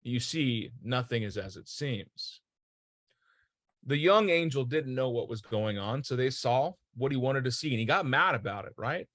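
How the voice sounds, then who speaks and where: A man's voice: mid-range voice, animated, normal speed, hardly any pauses, fairly bright tone, dry recording, studio quality. A man hosting a motivational talk, earnest and emphatic, storytelling and asking rhetorical questions. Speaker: host.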